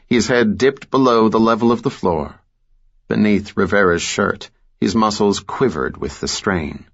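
Slow, low male thriller narrator. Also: muffled recording. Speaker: audiobook narrator.

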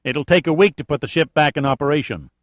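A man's voice: on the high side, fast, dry recording, pitched above the performer's own voice, lightly acted. A man voicing a blunt male army major reporting by radio in clipped military talk.

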